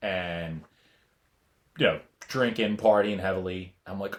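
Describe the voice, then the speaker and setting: Male podcast co-host, very low voice, loose self-deprecating storyteller. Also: a little slow. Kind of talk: casual chat.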